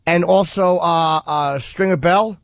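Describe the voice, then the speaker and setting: A man from New Jersey co-hosting a radio show, talking quickly and excitedly in casual chat. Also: high-pitched, gravelly, no room sound. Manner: rapid, excitable, interrupting. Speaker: radio co-host. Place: radio studio.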